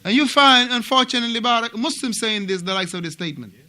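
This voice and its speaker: A man from Africa leads a class in a mosque with a high, very bright voice. He lectures in an animated way, repeating himself and checking on his students with quick questions. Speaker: mosque teacher.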